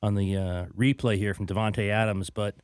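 A man hosting a casual sports talk show, joking and energetic, sometimes trailing off into fillers. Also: fairly low pitch, normal speed, smooth, dry recording, clean studio sound.

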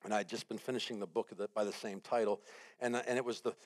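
Man preaching with animated storytelling. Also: on the low side, fast. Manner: animated storytelling, acts out his own panic and quotes; builds repeated phrases into rising emphasis. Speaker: guest preacher. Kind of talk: sermon.

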